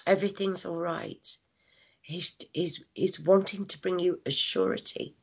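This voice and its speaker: A woman working as a psychic medium, giving a live reading with halting speech, lots of fillers, hushed asides and affectionate words like darling. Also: fairly low pitch, steady tone, creaky, slightly rough. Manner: affectionate, calls people darling and my lovely. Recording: dull lo-fi sound.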